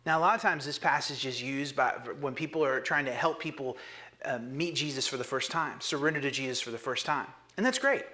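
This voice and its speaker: A man preaching a sermon as pastor, earnest, dropping to hushed whispers and rising to emphatic urging. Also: medium pitch, a little fast.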